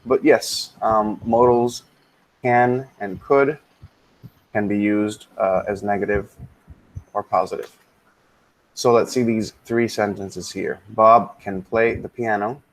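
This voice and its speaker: Relaxed man teaching English grammar, fairly low. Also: takes it slowly, low-quality recording. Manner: relaxed, thinks aloud with many ums and mutters asides. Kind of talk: casual grammar lesson, switching into Spanish.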